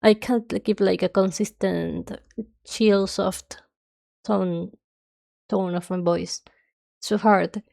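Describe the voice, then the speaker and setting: A woman's voice: mid-range voice, fairly even intonation, slow pace, creaky, long pauses, mellow. A young woman streamer chatting casually and rambling nonstop while she draws, her nose stuffy. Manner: rambling, chatty, self-described yapping.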